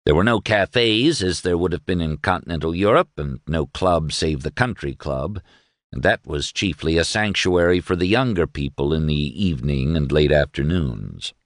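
A man narrating a novel in a measured, literary storytelling style. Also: extremely low pitch, expressive, dry recording, clean studio sound. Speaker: audiobook narrator. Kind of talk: scripted narration.

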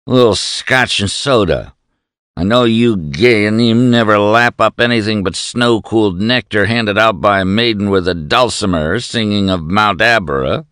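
A man voicing a drunken male official who jeers and shouts insults in a high, slow, slurring voice. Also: no room sound, clean studio sound. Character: drunken bullying male official, loud and sneering.

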